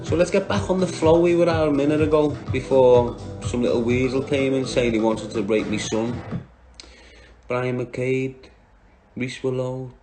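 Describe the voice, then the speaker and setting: A man with a Liverpool Scouse accent, talking on a livestream, bluntly and combatively answering viewers by name. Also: medium pitch. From Liverpool, England.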